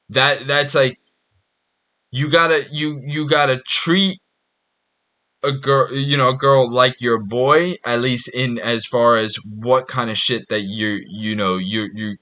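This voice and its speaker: A man's voice: medium pitch, sharp tone. A man hosting his own podcast, talking in a blunt, profane, rambling monologue with frequent restarts. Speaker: podcast host. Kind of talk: casual monologue.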